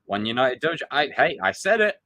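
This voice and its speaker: Lively, excitable male stream host. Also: medium pitch, a little fast, dry recording. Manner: animated, excitable, acts out quotes. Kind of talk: casual live stream commentary.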